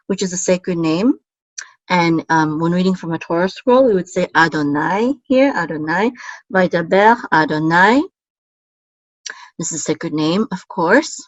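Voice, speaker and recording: A woman with a fairly low voice gives a patient, step-by-step language lesson. She sounds out syllables slowly and repeats them, stopping now and then to correct herself. The recording is close and dry, with no room sound. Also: no room sound, muffled recording. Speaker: Hebrew teacher.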